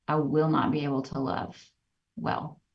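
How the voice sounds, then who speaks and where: Woman podcast co-host, earnest storyteller, lower-pitched, muffled and distant-sounding audio. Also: unhurried. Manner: earnest, reflective, animated when retelling stories. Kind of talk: candid personal storytelling.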